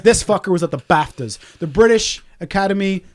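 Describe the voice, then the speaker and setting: A man hosting a podcast, swearing freely in a ranting, animated casual chat. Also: sits high, a little fast. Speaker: podcast host.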